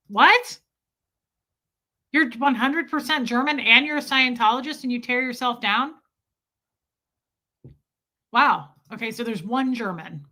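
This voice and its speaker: A woman's voice: fairly high pitch, pushed and bright. A woman from the United States hosting a casual livestream, chatting animatedly with many fillers and reading viewer comments aloud. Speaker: livestream host.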